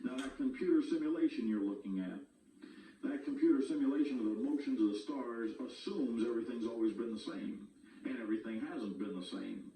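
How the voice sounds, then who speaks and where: A man's voice: mid-range voice, fairly quick, mellow, roomy sound, distant mic, slight background noise, poor audio. A male pastor preaching a sermon, telling a long story in a plain, repetitive storytelling manner.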